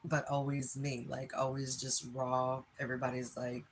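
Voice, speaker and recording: A woman's voice: rumbling low, level tone, normal speed, hardly any pauses, a little hiss or hum, rough recording. A woman in her late forties with a Philadelphia accent, chatting frankly on a livestream, reading comments and laughing often. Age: 40s. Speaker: livestream host.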